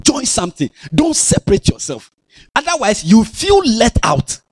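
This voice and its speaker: A man's voice: very high voice, normal speed, husky, no echo, clean studio sound. A man with a Ghanaian accent preaching a sermon as pastor in a church, scolding and teasing his congregation. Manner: animated, scolding, playful.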